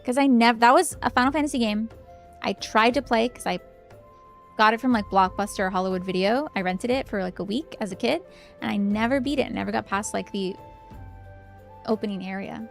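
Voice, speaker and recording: Young woman streamer just chatting, upbeat and rambly, kinda high voice, faint music. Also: fairly quick, gravelly. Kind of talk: casual chat while livestreaming a game.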